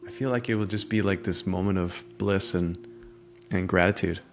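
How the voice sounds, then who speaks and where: A man's voice: low voice, fairly even intonation, moderate pace. A man co-hosting a casual coaching chat, answering reflectively and hesitantly, with many fillers. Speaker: co-host.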